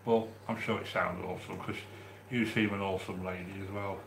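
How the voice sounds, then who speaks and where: A man from the English Midlands with a Midlands accent, hosting a live stream and chatting warmly with viewers as he reads their comments, with frequent restarts. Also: low-pitched, fairly even intonation, fairly quick, creaky, reverberant, noisy background. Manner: chatty and affectionate, with many restarts. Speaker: livestream host reading chat. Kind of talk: casual live-stream chat.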